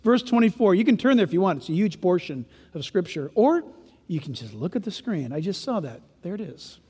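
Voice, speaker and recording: A pastor with a strikingly high voice preaches in a big hall, and his words ring out with a long echo. He mixes scripture with jokey, animated asides. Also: a little fast, husky. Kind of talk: sermon.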